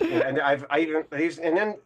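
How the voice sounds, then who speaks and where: Calling in amid crowd noise, a Winnipeg man tells a show a rambling, crude story full of bragging and chuckles at himself. He talks quickly in a fairly high voice.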